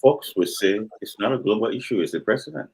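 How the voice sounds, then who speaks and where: A man's voice: lowish voice, animated, quick pace, vocal fry, darkish tone, husky, poor audio. A man, arguing his point insistently in a heated political debate and repeating himself when cut off. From Liberia. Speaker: panel guest.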